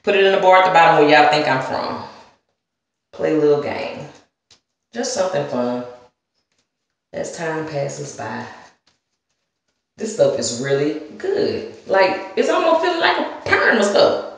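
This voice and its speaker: Speaking at a measured pace with long pauses, this low-pitched, expressive woman has a Southern accent and rambles casually through a hair-care vlog. She's chatty, talking right to viewers with "y'all" and "girl," and the room sounds very echoey.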